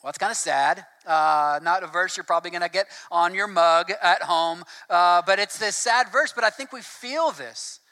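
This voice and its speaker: A man preaching a sermon in a conversational, casual way, mixing scripture reading with relaxed asides. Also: high-pitched, moderate pace, few pauses.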